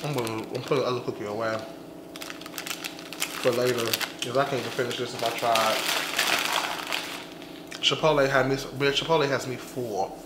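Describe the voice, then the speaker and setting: A man's voice: mid-range voice, fairly even intonation, echoey room, very noisy. A young man vlogging a mukbang, sassy and chatty, talking while stuffed full after eating. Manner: sassy, chatty, drawn-out slangy talk. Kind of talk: casual mukbang vlog chat.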